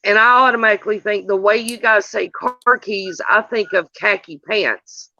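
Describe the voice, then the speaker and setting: A speaker in a casual chat, folksy and slow-drawling. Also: mid-range voice, sharp tone, dry recording, muffled recording.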